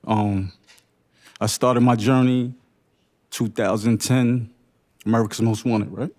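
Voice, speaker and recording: A man's voice: medium pitch, steady tone, a little mellow. Earnest man giving emotional personal testimony. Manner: earnest, emotional, speaks in short halting phrases. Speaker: panelist sharing lived experience. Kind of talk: unscripted personal testimony at a briefing.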